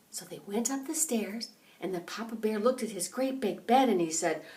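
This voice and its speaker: Animated grandmother telling a bedtime story. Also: mid-range voice, distant mic. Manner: animated, dramatic, slow and expressive.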